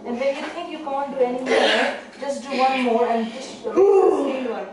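A woman working as a midwife, urging a patient on with slow, steady coaching during labour. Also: high voice, a crowd in the background. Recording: echoey room, far mic, loud noise.

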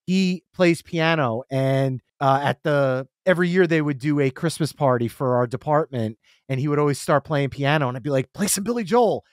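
A man's voice: mid-range voice, normal speed, hardly any pauses, dry recording, clean studio sound. A man in his forties, a podcast guest, telling stories in casual chat and acting out what people said. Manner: animated storyteller, acts out quotes. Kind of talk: casual storytelling.

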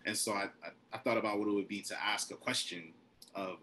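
A man's voice: fairly low pitch, steady tone, fast, bright, forceful tone, slight background noise. A man performing his poem at an online reading, in rhythmic, repeated questions that build in intensity. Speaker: poet reading his work. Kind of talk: poetry reading with spoken introduction. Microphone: video call.

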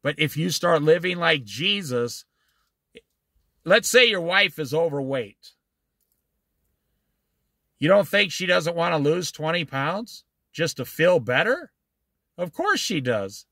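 A man's voice: on the high side, sing-song, slow pace, long pauses, sharp tone, dry recording, clean studio sound. A man giving a blunt, informal Bible study sermon and acting out husbands and wives in quoted asides. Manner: blunt, preachy, acts out quoted spouses.

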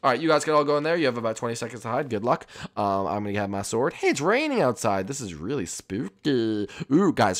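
A boastful young koopa prince, played by a man in a Minecraft role-play, taunting the others with a voice that swoops wildly up and down. He is excitable and shouts out his countdowns. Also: lowish voice.

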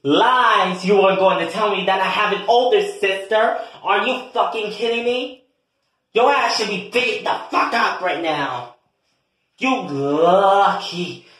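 A man voicing a loud, furious young adult daughter who curses and confronts her father in a comedy skit. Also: sits high, unhurried, voice pushed up. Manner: brash, profane, confrontational. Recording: echoey room.

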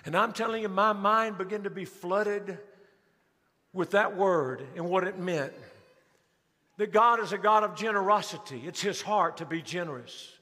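A man preaching a sermon in a large church, his voice high and bright. He swings between quick bursts and slow, drawn-out stressed words. The sound carries a long hall reverb. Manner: preaching with rising emphasis and slowed, stressed phrases. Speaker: pastor.

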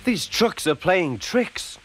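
A man's voice: mid-range voice, huge pitch swings, measured pace, over music. A man voicing a sulky, proud male steam engine with a petulant manner. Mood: pleading. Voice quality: petulant, strained.

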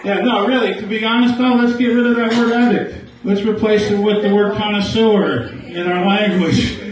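A man's voice: high voice, fairly even intonation, normal speed, recorded from a distance. A man doing a crude live stand-up set in a small bar, riffing with the crowd. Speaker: stand-up comedian. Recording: echoey bar, mic heard from afar.

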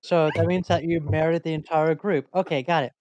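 A woman's voice: low-pitched, fairly even intonation, brisk, a little mellow, no room sound. A woman playing a tabletop game, easygoing and teasing. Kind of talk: casual game chat. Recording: dull, dry lo-fi mic.

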